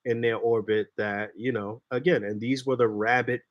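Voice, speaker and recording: A man's voice: mid-range voice, fairly even intonation, normal speed, no room sound, dull audio. A man co-hosting a podcast in casual chat, agreeing bluntly and stammering through restarts. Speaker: podcast co-host.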